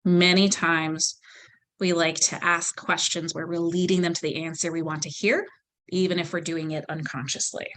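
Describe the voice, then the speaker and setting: A woman leading a volunteer training session, explaining calmly and acting out example phrasings. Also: lowish voice, normal speed. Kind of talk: training lecture.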